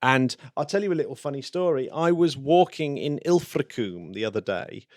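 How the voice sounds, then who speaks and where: A man's voice: medium pitch, animated, no echo, studio quality. A man co-hosting a podcast in casual, self-mocking chat. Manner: chatty, self-mocking, quick to laugh. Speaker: podcast co-host.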